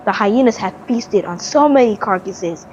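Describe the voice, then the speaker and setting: A woman giving a measured, dramatic scripted narration of a historical story. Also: medium pitch, animated, lo-fi sound, noisy background.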